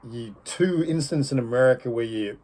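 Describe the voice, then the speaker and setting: A man's voice: mid-range voice, brisk, dark tone. A man hosting a podcast, reacting with teasing disbelief and recapping a guest's stories. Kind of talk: casual chat.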